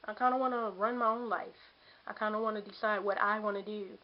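A woman in her late twenties rants to the camera in a vlog, exasperated, repeating herself and imitating the people who nag her. She speaks briskly at a medium pitch with a steady tone, and the camera audio is dull and lo-fi.

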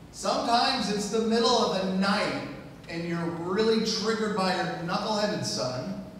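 A middle-aged male guest preacher tells a funny story at his own expense, his voice sitting a bit high for a man. He sounds far from the microphone, and the long reverb of a large sanctuary trails after each phrase. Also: fairly bright tone, slight background noise. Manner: humorous, self-mocking storytelling. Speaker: guest speaker. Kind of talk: sermon storytelling. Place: church sanctuary. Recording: echoey hall, distant mic.

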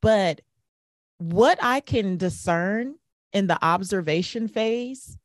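A middle-aged woman hosting a podcast interview, talking emphatically with quick restarts and asides. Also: medium pitch, animated, dry recording, studio quality. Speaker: podcast host. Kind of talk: conversational interview.

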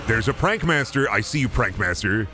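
A man's voice: lowish voice, expressive, normal speed, over music. A man streaming a game, giving casual, profane, rambling commentary full of absurd jokes.

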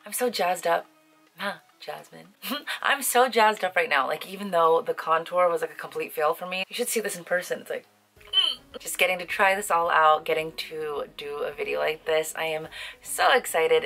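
A young woman beauty vlogger with a lowish voice and a bright, forceful tone gushes over lipsticks in a casual review at home. She's bubbly and leans heavily on "like," and the camera-mic recording is low quality.

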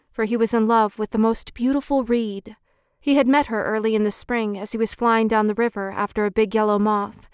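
A woman narrating a fairy tale audiobook in a gentle, expressive read-aloud manner. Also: fairly high pitch, clean tone, no room sound, clean studio sound. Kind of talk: storybook narration.

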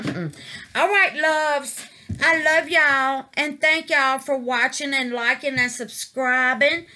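A woman's voice: mid-range voice, sharp tone. A woman gushing over her resin craft in a casual vlog, calling her viewers baby and y'all.

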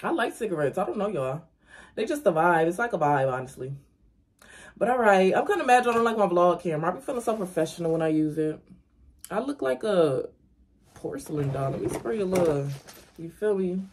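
A woman's voice: lowish voice, expressive, a little fast, husky. A young woman, chatting casually to viewers in her vlog from home, talking straight to the camera. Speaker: vlogger. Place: at home, indoors. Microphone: camera on a stand.

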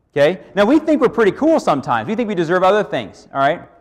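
Animated man preaching in a reverberant hall. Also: high voice, fast, hardly any pauses. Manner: lively, checks in with "okay?" often. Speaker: pastor. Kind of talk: conversational sermon.

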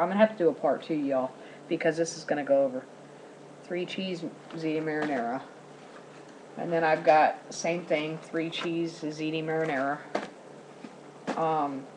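A woman in her 40s with a deep voice chats casually to camera at home while showing off her grocery haul as a vlogger. She's rambling and giggly, and the rough recording carries slight background noise.

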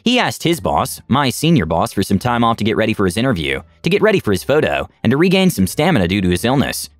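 A man narrating online stories in an expressive, scripted reading. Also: fairly low pitch, fast talker, dry recording. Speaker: story narrator.

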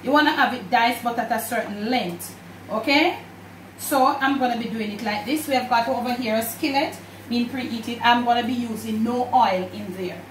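A Jamaican-accented home cook demonstrates a recipe in her kitchen, chatting to her viewers as if they were family. Her voice is on the high side and her pace moderate. The mic is distant in the echoey kitchen, with dishes and pans clattering and a little hiss or hum.

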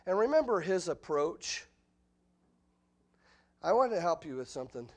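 Pastor, middle-aged man, somewhat high pitch, lively expository sermon delivery. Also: moderate pace. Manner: animated preaching, voice jumps high and loud when acting out quotes. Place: church sanctuary.

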